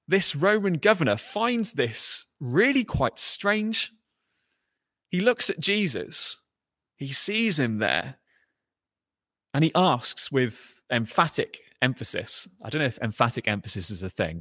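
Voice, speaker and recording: A man preaching a sermon in a conversational way, voicing quoted lines with lifted pitch and emphasis. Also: fairly bright tone, no echo, clean studio sound.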